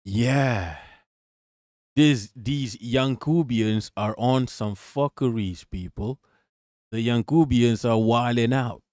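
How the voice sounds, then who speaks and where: A man hosting a casual livestream, reacting to a video and shouting out his chat in slangy, profane talk. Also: mid-range voice, slow, dry recording, clean studio sound.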